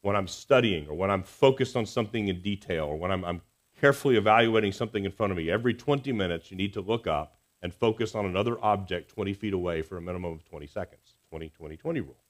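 A man preaching a Sunday sermon in a church, earnest and expressive, swinging between emphatic rises and soft, quiet drops. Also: low-pitched, fast. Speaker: pastor. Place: church sanctuary.

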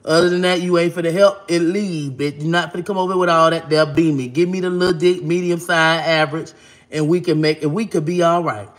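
A woman talking straight to her viewers in a casual vlog, blunt and brash, with profanity thrown in constantly. Her delivery is animated and expressive. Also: lowish voice, brisk. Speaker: vlogger. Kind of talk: casual monologue to camera.

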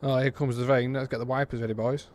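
British man, game reviewer, blunt, exasperated, rambling, mid-pitched voice, faint background hum. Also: flat delivery, quick pace, a little mellow. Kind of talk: casual review commentary.

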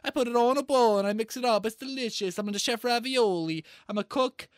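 A man's voice: very high-pitched, a little fast, smooth, no echo, studio quality. A man playing a boastful, rambling male Italian chef in a put-on Italian-American accent, chatting on video call. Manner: rambles through food lists, pleased with himself. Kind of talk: comedic character improv on video chat.

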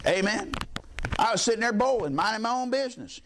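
A pastor preaching from the pulpit in a fairly high voice. He tells homespun stories in everyday language and punctuates them with amens. There's a faint hiss underneath. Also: lively intonation, a little fast. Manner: folksy storytelling, colloquial preaching with frequent amens. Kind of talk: sermon.

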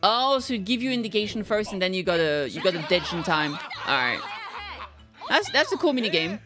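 A woman streamer giving excited, casual reaction commentary, gushing and squealing with delight, with fillers and the odd swear. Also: medium pitch, brisk, over music. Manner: gushing, squeals and laughs often. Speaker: streamer reacting to a game livestream.

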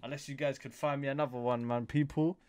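A man's voice: mid-range voice, steady tone, quick pace, darkish tone, clear, resonant tone. A young man, hosting a casual music reaction video in slangy, chatty talk that often repeats itself. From United Kingdom.

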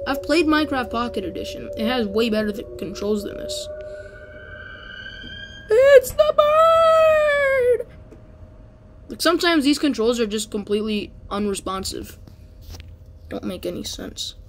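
A woman's voice: medium pitch, normal speed, music in the background. A woman giving casual let's play commentary, exasperated and exclaiming as she complains about the game's controls. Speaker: gamer.

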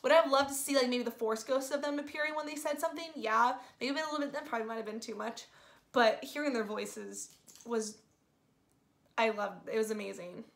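Woman host, fairly high voice, casual spoiler review, excitable and gushing, filler-heavy. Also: a little fast, vocal fry. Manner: gushing, excitable, says "like" constantly. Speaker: movie reviewer.

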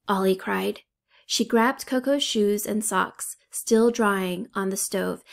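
A woman's voice: medium pitch, vocal fry. A woman reading a children's novel aloud as narrator, giving the characters' lines light, modest voicing. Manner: steady unhurried reading with lightly acted dialogue. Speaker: audiobook reader. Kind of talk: storybook narration.

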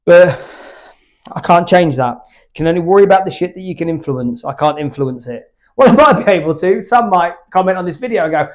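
A man's voice: sits high, lively intonation, fairly quick. A British man chatting candidly between workout sets in his home gym, rambling and swearing freely. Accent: British English. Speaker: fitness YouTuber.

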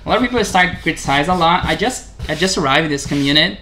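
A man hosting a casual vlog, talking haltingly in English, correcting himself and chuckling as he practices a new language. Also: a little high, lively intonation, pushed and bright, slight background noise. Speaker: channel host.

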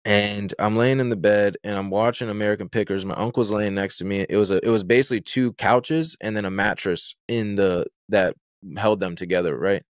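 Young man, lowish voice, dry close mic, rambling storyteller. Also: fairly even intonation, a little fast, clear, resonant tone, no echo. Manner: rambling, fillers and restarts, vivid retelling. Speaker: guest telling his story. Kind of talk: casual storytelling.

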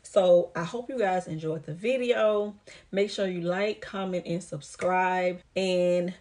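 Woman, low-pitched, out of breath, chatty haul vlogger, talks to viewers as y'all. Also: steady tone, takes it slowly, a little mellow. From United States. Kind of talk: casual try-on haul vlog.

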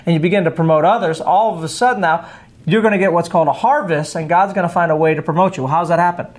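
Brief: middle-aged male pastor, upbeat radio devotional host, energetic and joyful, preaches as he chats. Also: fairly high pitch, fast talker.

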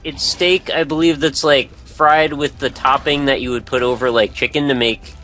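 A man's voice: mid-range voice, normal speed. A man joining a let's-play as a co-commentator, casually explaining things. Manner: relaxed, explaining. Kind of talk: casual gameplay chat.

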